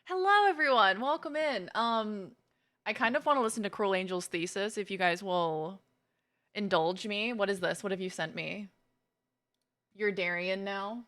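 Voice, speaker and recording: A woman's voice: medium pitch, moderate pace, fairly bright tone. A woman streamer in casual live chat, playfully greeting viewers by name. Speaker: gaming streamer.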